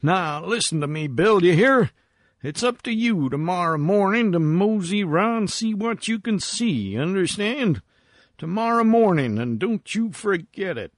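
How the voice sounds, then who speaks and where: A man's voice: sits high, expressive, measured pace, dry recording, studio quality, voice pushed up. A man reading aloud and voicing a lone gold prospector who talks to himself in a folksy drawl. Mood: bossy.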